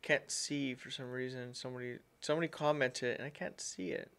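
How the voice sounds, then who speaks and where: A man's voice: medium pitch, fairly even intonation, fairly quick, vocal fry, a bit bright. A man hosting a casual tech-tips livestream, rambling and repeating himself, often calling his viewers "guys". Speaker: livestream host.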